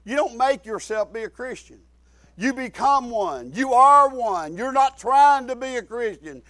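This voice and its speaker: A middle-aged man, preaching a folksy sermon full of repetition and sudden shouted emphasis. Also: very high voice, takes it slowly, dry recording.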